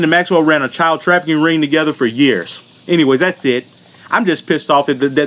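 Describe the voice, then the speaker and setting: On his own channel, an adult American vlogger launches into a furious political rant packed with profanity. His voice is fairly high for a man and a little bright, and he speaks bluntly, stacking up curses with no restraint.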